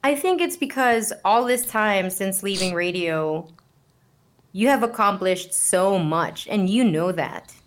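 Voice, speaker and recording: A woman's voice: mid-range voice, slow pace, slight background noise. A woman co-hosting a podcast, reassuring her friend and reflecting thoughtfully on why it hurt. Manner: supportive and reflective, gently reassuring. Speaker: podcast co-host. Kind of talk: conversational podcast chat.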